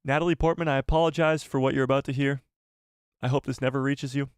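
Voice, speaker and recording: A young man hosting a casual live stream, excitable and joking as he talks straight to his chat. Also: mid-range voice, quick pace, smooth, no room sound, clean studio sound.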